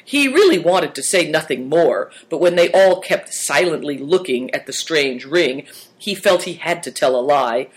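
Man narrating a storybook, slightly high voice. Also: expressive. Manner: measured, storytelling. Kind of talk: audiobook narration.

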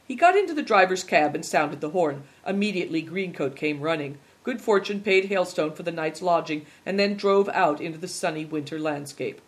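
An audiobook narrator with a mid-range voice reads a children's novel aloud. The scripted narration is delivered in a steady, measured storytelling style.

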